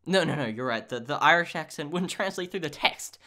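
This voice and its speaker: A young man in his late teens narrating a comedic storytime as a YouTube animator, sarcastic and animated, jumping from mock-dramatic shouts to low mumbled asides. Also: a little fast. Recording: background music under voice.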